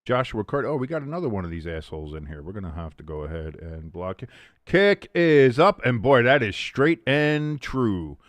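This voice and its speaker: A man hosting a live game watch-along, calling plays and chatting with loud, profane tangents. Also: medium pitch, normal speed, no echo. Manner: animated play-by-play mixed with profane rants. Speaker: host.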